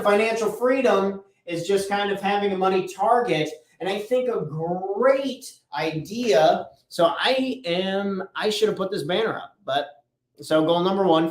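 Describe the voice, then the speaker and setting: A man hosting a motivational business talk at a chalkboard, energetic and repeating key phrases for emphasis. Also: high-pitched, distant mic. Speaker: business coach and podcast host. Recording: roomy echo, voice off-mic.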